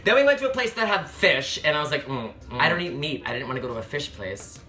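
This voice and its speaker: A young man telling a comedic dating story to camera, sassy, animated and profane. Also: fairly high pitch, quick pace, faint music behind. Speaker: travel vlogger.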